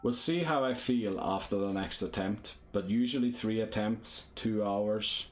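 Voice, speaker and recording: Playing a motion-control game live, a man with a lowish, unhurried voice chats with viewers, thinking aloud and poking fun at himself. Game music plays behind him.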